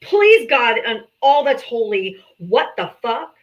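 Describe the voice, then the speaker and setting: A woman, a mother, hosting a live political talk stream in casual, animated chat, swearing freely. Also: fairly high pitch, slow, muffled recording. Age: adult mother. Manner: animated, swears freely, slips into comic voices.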